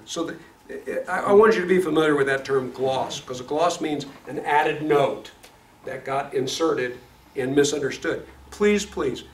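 A man with a Midwestern accent teaching a Bible study class, lively and often asking the class questions. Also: mid-range voice. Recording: echoey classroom from far off, noisy.

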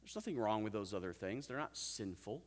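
A man's voice: fairly low pitch, lively intonation, a little fast, long reverb tail. A man preaching a sermon, earnest and calling out "Amen?" to the congregation, with amused asides. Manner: calls out "Amen?" and asks the congregation questions. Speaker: pastor. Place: church sanctuary.

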